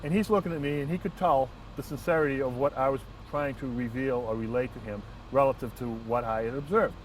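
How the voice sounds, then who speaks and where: A man, a transit police lieutenant, telling a work anecdote in an earnest, measured way with frequent restarts. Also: medium pitch, steady tone. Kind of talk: first-person anecdote and reflection. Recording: distant mic, faint outdoor traffic noise.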